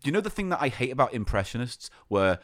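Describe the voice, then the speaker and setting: A man's voice: medium pitch, big pitch swings, fast talker, fairly bright tone, no echo, clean studio sound. A man hosting a podcast, chatting casually and enthusiastically in rambling stretches. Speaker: podcast host. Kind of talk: casual chat.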